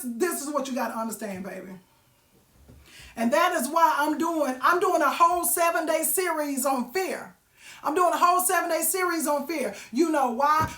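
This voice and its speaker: A woman's voice: high voice, a bit bright, roomy sound. A woman giving a sassy, preachy motivational talk, calling listeners baby and honey. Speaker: motivational vlogger.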